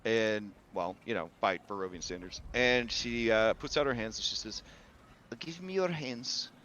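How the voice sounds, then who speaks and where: A man narrates a tabletop game as game master in a casual, filler-heavy way. His voice sits fairly low, and the recording is slightly dull with faint hiss. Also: normal speed, sharp tone.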